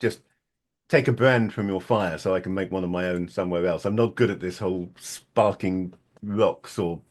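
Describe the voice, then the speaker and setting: A man's voice: sits low, moderate pace, a little mellow. A man voicing a polite, self-deprecating male adventurer who is cold and asking to share a fire in a tabletop game.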